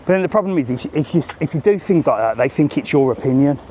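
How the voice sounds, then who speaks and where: A man's voice: fairly high pitch, animated, fast, warm tone, slight background noise. A man doing a live walking travel vlog, chatting and joking with passers-by. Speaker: travel vlogger. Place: outdoors on a seafront promenade.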